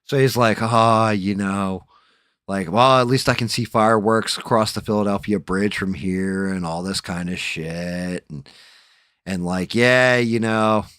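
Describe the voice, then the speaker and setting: A man hosting a late-night livestream chat, telling a story in a profane, animated way and acting out the quotes. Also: on the low side, unhurried, clear, resonant tone, no echo, studio quality. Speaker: livestream host.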